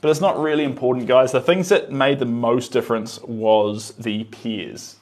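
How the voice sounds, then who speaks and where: An easygoing man talks his way through a live painting stream. He murmurs quietly to himself as he works the brush and turns to answer chat in a relaxed, musing voice of middling pitch. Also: normal speed.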